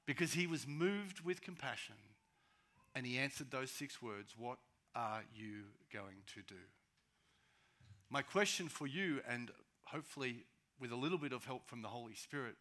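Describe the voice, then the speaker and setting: A man preaching a sermon as pastor, swinging between loud, urgent rises and quiet, slow drops. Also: mid-range voice, expressive.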